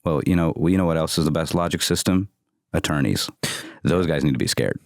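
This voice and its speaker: A man talking as a podcast guest in casual, animated conversation, swearing freely and laughing often. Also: a bass voice, fairly quick, creaky, no room sound, clean studio sound. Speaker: podcast guest, agency founder.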